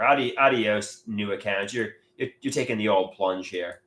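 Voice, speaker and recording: A man's voice: lowish voice, expressive, moderate pace, a bit bright. A man rambling in a live stream monologue from home, stammering and repeating his words as he mutters to himself. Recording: echoey room.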